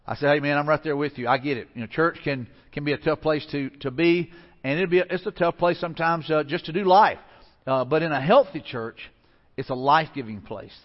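A man's voice: a little high, a little fast, big-room sound, highs cut off. A man pastor delivering a conversational sermon, telling stories with frequent restarts. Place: church sanctuary.

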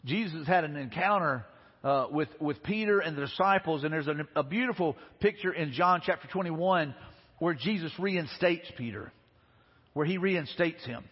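A man's voice: fairly high pitch, normal speed, husky. A man pastor preaching a sermon, retelling scripture in a conversational way with frequent restarts. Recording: reverberant hall, dull lo-fi sound.

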